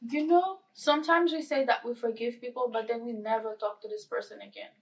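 A woman co-host argues her view insistently in casual podcast talk. Her higher voice is picked up from a little distance away. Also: fairly quick. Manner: insistent, explains with examples. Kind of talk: casual chat.

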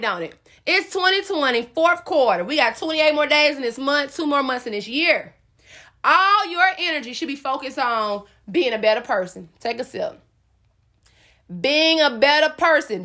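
A woman's voice: high voice, sharp tone. A woman hosting a solo podcast, preaching at her listeners with sass and speaking directly to them. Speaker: podcast host.

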